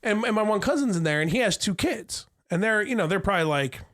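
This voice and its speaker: A man's voice: high voice, lively intonation, quick pace, a bit bright. A young man co-hosting a casual comedy podcast, swearing a lot and telling crude jokes and stories. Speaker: podcast co-host.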